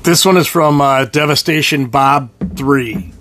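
A man's voice: medium pitch, unhurried, a bit bright, slight background noise. A man co-hosting a casual movie podcast, laid-back and joking. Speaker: podcast co-host.

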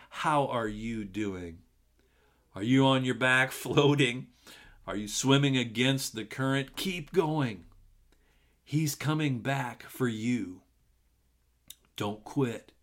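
A middle-aged male pastor giving a sermon, slow and earnest, mixing scripture with conversational asides. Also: mid-range voice, a bit bright.

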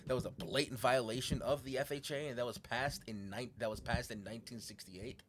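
A man's voice: medium pitch, fairly even intonation, a little fast, slight background noise. A man co-hosting a podcast, talking casually through prepared notes with a sarcastic edge and frequent swearing. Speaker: podcast co-host.

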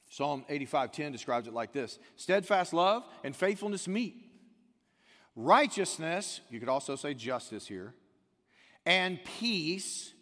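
Male pastor, sermon delivery, rhetorical questions, loud-to-hushed swings, unhurried, reverberant sanctuary sound. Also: a little high. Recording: long hall reverb.

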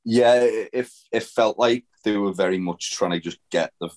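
A man with a lowish, darkish voice at normal speed co-hosts a podcast, recapping wrestling in a rambling, casual chat. He swears freely and uses lots of fillers.

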